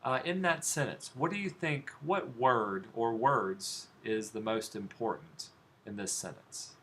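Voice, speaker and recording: Speaking at a measured pace and medium pitch, a man walks his design class through steps on a computer. His manner is relaxed as he clicks along and asks students questions during this live classroom software demonstration, recorded with faint background noise.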